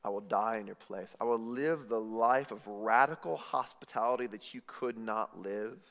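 A man preaching a sermon, swinging from loud emphatic lines to hushed, intimate ones. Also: fairly low pitch, normal speed. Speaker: pastor. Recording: reverberant hall.

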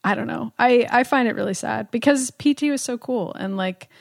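Animated woman, dry close sound. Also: on the high side, moderate pace, vocal fry, dry recording. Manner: animated and exasperated, laughs often. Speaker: podcast co-host. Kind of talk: casual chat.

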